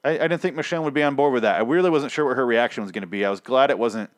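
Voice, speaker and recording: A man's voice: medium pitch, racing, hardly any pauses, dry recording. A man giving a casual, rambling recap of a TV episode, sarcastic and profane, often stammering as he restarts sentences. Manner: rambling and sarcastic, heavy swearing; stammers, repeating words as he restarts.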